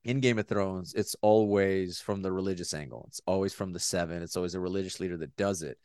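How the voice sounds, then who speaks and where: A man's voice: sits low, fairly even intonation, fast, darkish tone, smooth, no room sound, studio quality. A man co-hosting a podcast, chatting casually in a rambling, joking way, with the odd swear word. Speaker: podcast co-host. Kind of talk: casual chat.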